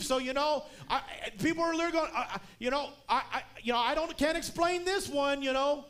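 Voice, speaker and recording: High-voiced preacher telling a story. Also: male voice, fairly quick, few pauses. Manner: storytelling, building to shouted emphasis. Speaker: guest preacher. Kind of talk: sermon.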